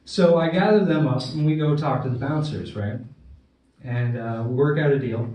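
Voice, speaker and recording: A man's voice: on the high side, moderate pace, darkish tone, heavy reverb, distant mic, lo-fi sound. A man doing a stand-up comedy set, telling a crude story and checking in with "right?" along the way. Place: comedy club stage.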